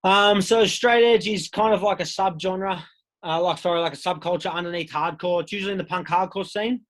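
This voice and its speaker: An Australian man in his thirties, a podcast guest telling his own story in a candid, casual way with plenty of swearing. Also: fairly high pitch. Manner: candid, swears freely, acts out quoted voices.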